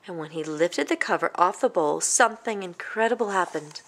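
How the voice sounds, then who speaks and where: A woman's voice: on the low side, lively intonation, normal speed, a bit bright, slight background noise. Woman reading a picture book aloud. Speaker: storybook reader.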